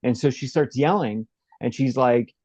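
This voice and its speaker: A man interview guest recounting a personal story in a halting, rambling way, with many fillers and restarts. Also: mid-range voice, darkish tone, dry recording, lo-fi sound.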